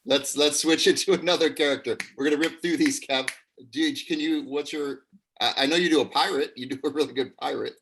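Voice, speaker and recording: A man, an acting teacher, hosting a live improv show over a video call, upbeat and quick, laughing often. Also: on the high side, steady tone, a bit bright.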